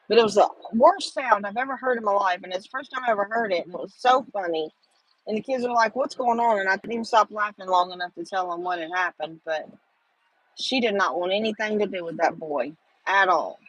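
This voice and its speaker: A woman's voice: mid-range voice, fairly quick, breathy edge, dry recording, rough recording. A middle-aged woman, chatting with viewers on a casual livestream and rambling with lots of fillers. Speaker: livestream host.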